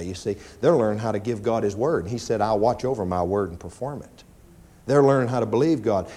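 Animated preaching man, lively pitch. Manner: animated preaching, acts out pleading prayers in a high whine. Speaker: pastor. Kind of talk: sermon. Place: church.

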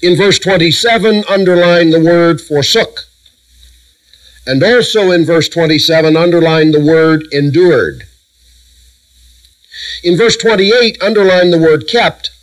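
A middle-aged man delivers a sermon in a slightly high voice, and the recording quality is low. Working through Bible verses, he uses emphatic lists and takes measured pauses.

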